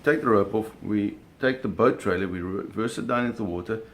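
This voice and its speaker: A man's voice: on the low side, fairly quick, slight background noise. A man telling a vivid personal story in a casual way, cursing freely and acting out the sounds and scenes. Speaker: storyteller recounting a personal experience.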